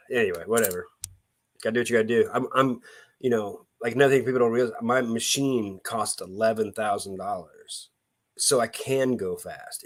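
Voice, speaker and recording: A man chatting casually on a live stream, rambling with many restarts and greeting viewers by name. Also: on the low side. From Missouri.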